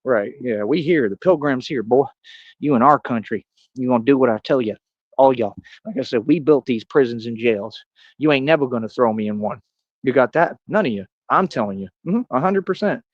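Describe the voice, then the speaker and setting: A man's voice: mid-range voice, lively intonation, a little fast, dry recording, muffled recording. A man streaming a rambling monologue, boastful and confrontational, full of street slang and tough talk. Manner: coos softly at a cat.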